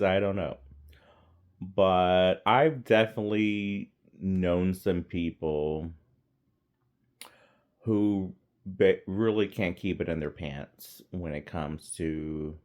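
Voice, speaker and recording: A man with a very low voice talks through a movie review at an unhurried pace. His delivery is relaxed and rambling, full of fillers and quick laughs as he shares his opinions. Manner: rambling, laid-back, many fillers and laughs. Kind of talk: casual film review vlog.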